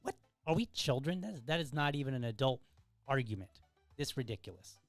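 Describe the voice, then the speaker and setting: A man's voice: mid-range voice, lively intonation, fairly quick, no echo, faint music behind. A man hosting an opinion show, lecturing emphatically and firing off exasperated rhetorical questions while reading out viewer comments. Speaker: podcast host.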